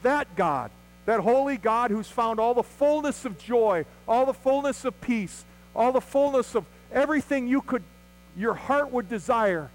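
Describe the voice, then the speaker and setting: A man's voice: very high-pitched, animated, a little slow, low-quality recording. A man preaching an Easter sermon as pastor, earnest, with rhetorical questions and acted-out quotes.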